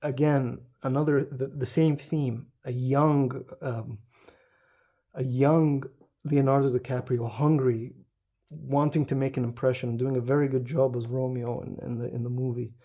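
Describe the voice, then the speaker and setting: A man chats casually about books in a mellow, warm voice. He hesitates often, filling gaps with ums and starting sentences over. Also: medium pitch, little pitch movement, measured pace. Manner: hesitant, many ums and restarts, laughs often. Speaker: book video creator. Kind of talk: casual book talk to camera.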